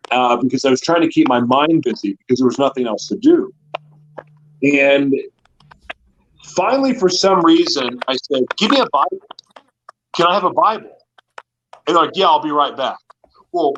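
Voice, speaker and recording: A man's voice: medium pitch, fairly bright tone, highs cut off, slight background noise. A man in an interview, telling his personal story in an earnest, confessional way. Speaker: guest.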